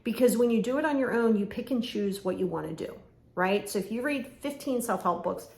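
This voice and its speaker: A woman's voice: fairly high pitch, brisk, vocal fry, darkish tone. A woman hosting a podcast as a coach, talking directly and emphatically and acting out bits of dialogue. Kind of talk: motivational monologue. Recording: echoey room with faint ambient noise. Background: faint ambience, lawnmower outside.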